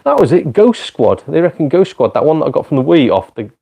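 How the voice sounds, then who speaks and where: A man's voice: a little high, very animated, fast, vocal fry, dark tone, slightly rough. A man chatting casually with viewers on a live gaming stream. He is self-deprecating, swears and laughs often. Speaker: gaming live streamer and part-time comedian.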